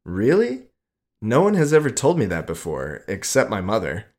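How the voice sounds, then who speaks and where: A man's voice: lowish voice, wildly swooping pitch, moderate pace, darkish tone. A man voicing a shy, awkward young college man who talks hesitantly and nervously.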